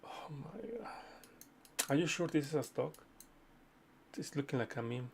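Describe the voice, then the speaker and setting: Gravelly-voiced man hosting a live chart stream. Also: medium pitch, normal speed, a little mellow, slight background noise. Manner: chatty, repeats okay, addresses viewers as friends. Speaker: livestream host reading viewer chart requests. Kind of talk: casual live chart analysis.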